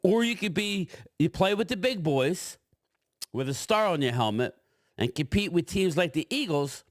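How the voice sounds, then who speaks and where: A man giving opinionated sports commentary, arguing his points in an animated way and addressing a panel directly. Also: mid-range voice, no room sound, clean studio sound.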